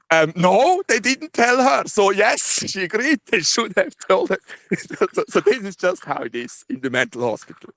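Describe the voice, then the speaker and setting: Halting Swiss German-accented man on a call. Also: sits high, sing-song, sharp tone, no echo. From Switzerland. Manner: halting, many fillers and restarts, laughs often. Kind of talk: casual phone call debrief. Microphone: phone.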